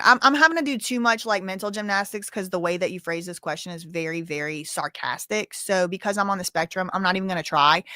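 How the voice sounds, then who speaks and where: A woman's voice: mid-range voice, a bit bright, no room sound, studio quality. A woman hosting a livestream, answering chat questions in a sassy, blunt, casual way. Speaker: livestream host.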